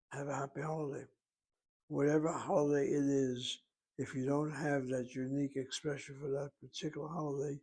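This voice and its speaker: A man teaching a language lesson, speaking slowly and deliberately and spelling words out letter by letter. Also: medium pitch, darkish tone, slightly rough, rough recording. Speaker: Hebrew teacher. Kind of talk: lecture.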